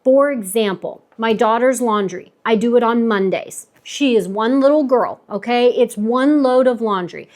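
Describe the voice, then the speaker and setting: Woman, thirties, mom vlogger, casual advice, earnest and emphatic, higher-pitched. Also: a little slow, hardly any pauses, a little mellow. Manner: earnest, emphatic, repeats for stress. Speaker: stay-at-home mom vlogger. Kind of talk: casual advice talk to camera.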